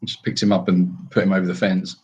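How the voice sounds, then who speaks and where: A man's voice: low voice, little pitch movement, fast talker, a little mellow, husky. British man chatting, rambling with fillers. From Britain. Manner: rambling, with many fillers and restarts. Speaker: sanctuary co-host. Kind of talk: casual live Q&A chat. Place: animal sanctuary.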